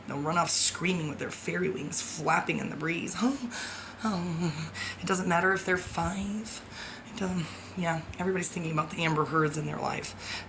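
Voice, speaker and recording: A woman's voice: low voice, moderate pace, gravelly, background noise. A woman vlogger talking to camera in a rambling, profane, sardonic monologue.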